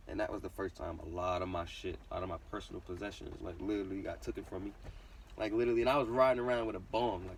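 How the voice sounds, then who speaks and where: A man's voice: fairly low pitch, a little mellow, recorded from a distance, a little hiss or hum. A young man casually telling a personal story, full of slang and swearing, who says literally constantly. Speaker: vlogger.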